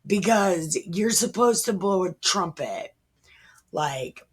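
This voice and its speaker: A woman's voice: fairly low pitch, lively intonation, slow, breathy edge. A woman in her thirties reading the Bible aloud and musing over it in a casual, irreverent way. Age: 30s. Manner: musing, irreverent, slips into whispers. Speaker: Bible reader.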